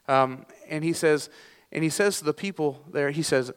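A man's voice: fairly high pitch, measured pace, fairly bright tone, smooth, in a large hall. A middle-aged man preaching a sermon as pastor, folksy and self-deprecating, with frequent restarts.

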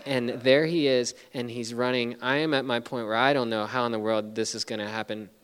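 A man's voice: medium pitch, fairly even intonation, a little fast, a bit bright, smooth. A middle-aged man preaching a sermon, telling a story earnestly with many restarts. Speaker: pastor. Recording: long reverb of a large hall.

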